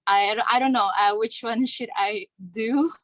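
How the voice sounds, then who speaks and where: A woman's voice: on the high side, fairly even intonation, unhurried, dry recording, rough recording. A woman taking part in a singing workshop on a video call, polite and hesitant with many fillers, recovering from a sore throat. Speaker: workshop participant. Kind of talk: casual talk on a video call.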